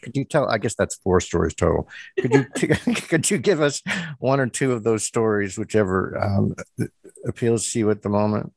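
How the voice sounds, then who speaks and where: A man's voice: fairly low pitch, normal speed, gravelly, dry recording. A man hosting an interview, asking questions in a hesitant way with stammers and restarts. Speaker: interview host. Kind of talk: conversational interview.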